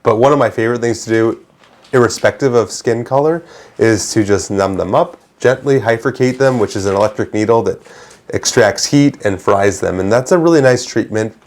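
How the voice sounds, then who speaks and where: Male doctor co-host, lowish voice, fluent explainer with dry teasing. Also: moderate pace, a little mellow. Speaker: dermatologist co-host. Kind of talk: casual medical chat.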